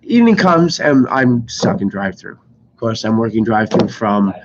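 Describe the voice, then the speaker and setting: A man's voice: medium pitch, very animated, moderate pace. Sick young man ranting, swearing nonstop. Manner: rambling, swears constantly, exasperated. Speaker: streamer telling work stories. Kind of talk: casual live-stream storytelling. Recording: slightly dull lo-fi mic with faint noise.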